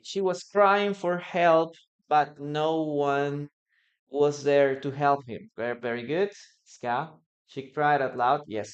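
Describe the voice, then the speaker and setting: A teacher gives a live online English lesson, repeating example phrases and reading out student comments. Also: mid-range voice. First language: Spanish.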